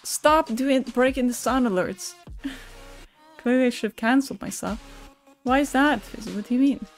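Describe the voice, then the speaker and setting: A woman's voice: a little high, moderate pace, soft background music. A woman streamer chatting candidly and emotionally with her viewers, swearing, laughing and reading their messages aloud. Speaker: Twitch streamer. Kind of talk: casual live-stream chat with viewers.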